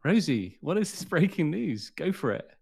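A man's voice: fairly high pitch, big pitch swings, moderate pace, vocal fry, darkish tone, husky. A man hosting an online community session, talking in an upbeat, encouraging way. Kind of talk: live community talk.

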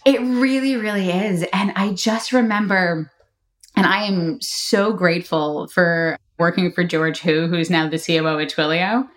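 A middle-aged woman guest on a casual podcast interview, telling lively stories and acting out quotes. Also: lowish voice, measured pace. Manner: animated storyteller, laughs often, acts out quotes. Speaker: marketing executive guest.

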